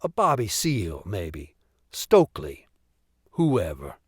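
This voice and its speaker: A man reading an audiobook voices a weary, rueful middle-aged cop and former radical, speaking slowly and heavily. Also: sits low, huge pitch swings, husky, dry recording, clean studio sound, voice pushed down, exaggerated voice. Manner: slow, heavy, rueful. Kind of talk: audiobook character voice.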